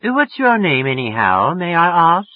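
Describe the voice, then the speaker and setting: A man's voice: on the high side, sing-song, moderate pace, no echo, pitched above the performer's own voice. A man reading an audiobook, voicing a sleepy, irritable woman woken by a late phone call who turns affectedly friendly. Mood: prim. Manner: snappish, turning affectedly friendly and prim. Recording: muffled lo-fi recording.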